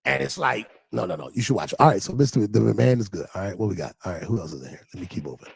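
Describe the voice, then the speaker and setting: A man hosting a pastor's livestream in a casual, animated way, repeating phrases and reading viewer comments aloud. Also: lowish voice, quick pace, gravelly, breathy edge.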